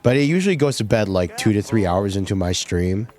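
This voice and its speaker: A man's voice: lowish voice, animated, a little fast, a little mellow. A male streamer commenting casually and jokingly on his gameplay, often laughing.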